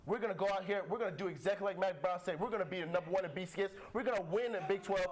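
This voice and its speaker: A man's voice: high-pitched, rapid-fire. A man doing an angry senior football player. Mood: rallying. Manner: blustering, repetitive. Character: angry senior male college football player rallying his team. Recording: noticeable background noise.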